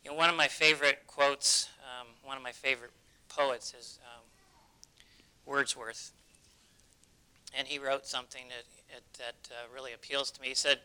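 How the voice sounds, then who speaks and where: A man's voice: mid-range voice, fairly even intonation, normal speed, pauses often, pushed and bright, smooth, rough recording. A man preaching a sermon, telling stories in an earnest way. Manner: earnest storytelling.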